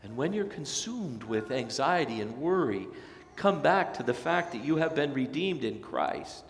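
A man preaching a sermon as pastor, swelling to loud emphatic peaks and dropping soft again, with folksy storytelling asides. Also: medium pitch, very animated, measured pace, vocal fry, a little hiss or hum. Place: church sanctuary. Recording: long church reverb.

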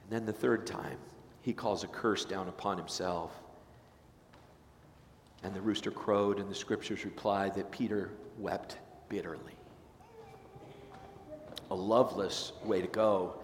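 A pastor preaching in an echoing sanctuary. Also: male voice, deep voice, steady tone, unhurried, pauses often, slight background noise. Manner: casual storytelling, acts out voices. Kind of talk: sermon. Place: church sanctuary. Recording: echoey sanctuary, long reverb.

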